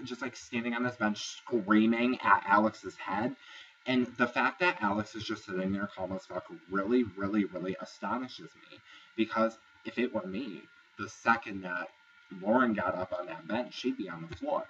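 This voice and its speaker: A man's voice: on the low side, normal speed, a bit bright, distant mic, dull audio, slight background noise. A man casually recapping a reality show episode, chatty, gossipy and profane. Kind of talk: casual review vlog.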